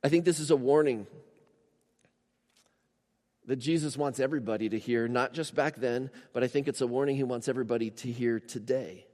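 A man's voice: mid-range voice, fairly quick, long pauses, darkish tone. Man preaching in a reverberant church. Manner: conversational preaching, emphatic rises, asks the congregation questions. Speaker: pastor. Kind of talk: sermon.

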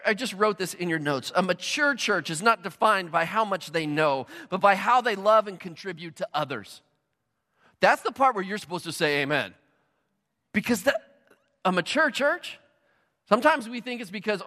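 A man's voice: sits high, normal speed. A man preaching a sermon as pastor, telling stories animatedly and acting out bits of dialogue. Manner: animated storytelling, acts out dialogue. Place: large church hall. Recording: long hall reverb.

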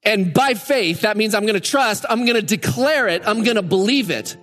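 A man's voice: high voice, expressive, normal speed, few pauses, fairly bright tone, big-room sound, soft background music. A male pastor preaching a sermon in a church, emphatic and repeating phrases for stress. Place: church sanctuary.

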